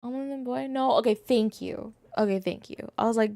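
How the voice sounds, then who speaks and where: A young woman streamer chatting casually with her viewers in an animated, quick-reacting way. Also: on the high side, vocal fry, no room sound.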